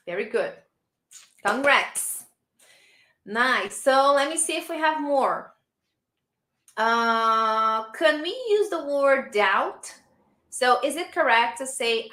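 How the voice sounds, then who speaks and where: A woman from Brazil with a Brazilian Portuguese accent, teaching a live online English lesson and warmly praising her learners. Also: fairly high pitch, echoey room. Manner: encouraging, praising learners often.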